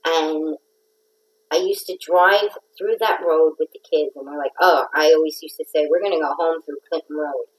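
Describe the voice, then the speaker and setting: A woman's voice: low voice, fairly even intonation, moderate pace, poor audio. A middle-aged woman hosting a casual livestream, telling a rambling, playful story. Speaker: host of a craft livestream.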